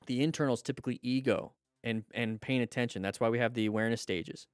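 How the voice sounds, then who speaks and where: A man's voice: medium pitch, fast, smooth, no echo, soft background music. Man coaching riders over videos. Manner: coaching, asks questions and answers them; excited exclamations at near misses. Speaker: motorcycle riding instructor and host. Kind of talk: commentary on riding videos.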